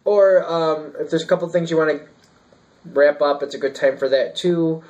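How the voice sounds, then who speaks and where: A man's voice: on the high side, fairly quick, darkish tone, rough recording. A man giving a casual tarot reading, thinking aloud and rambling with fillers and restarts. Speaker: tarot reader.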